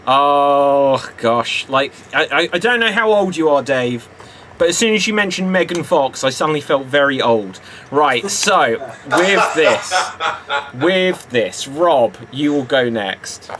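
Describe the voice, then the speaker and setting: A man's voice: on the high side, lively intonation, slow pace, background noise. A British man hosting a live improv comedy stream, chatty and upbeat, laughing often. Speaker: improv show host.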